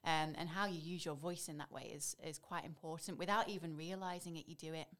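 A woman's voice: low voice, fairly even intonation, a little fast, fairly bright tone. A woman in her thirties with a Stoke accent, a voiceover artist chatting as a guest in an interview, full of "you know" fillers. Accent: Staffordshire (Stoke). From Stoke-on-Trent area, England. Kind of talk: casual conversational interview.

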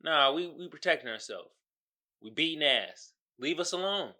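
A man from the United States rants solo on his podcast in a lively, swooping voice that sits a little high. His tone is bright and forceful, and he mixes mockery and profanity with laughter at his own jokes. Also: moderate pace. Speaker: podcast host.

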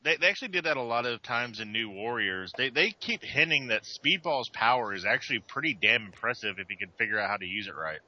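A man's voice: medium pitch, lively intonation, fast, hardly any pauses. A man co-hosting a casual podcast chat, rambling with lots of stammered restarts. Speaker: podcast co-host. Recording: dull lo-fi sound.

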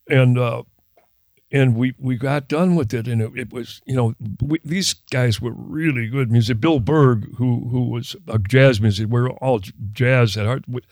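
A man's voice: mid-range voice, a little slow, darkish tone, no room sound, clean studio sound. An older man from Minnesota, a guest musician, telling a story in casual interview chat, with rambling, self-interrupting sentences and laughs.

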